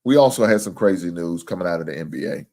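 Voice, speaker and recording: A man hosting a casual livestream, talking with viewers and reading their comments, swinging from low mumbles to loud, cursing, exasperated rants. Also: lively intonation, quick pace. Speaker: livestream sports show host.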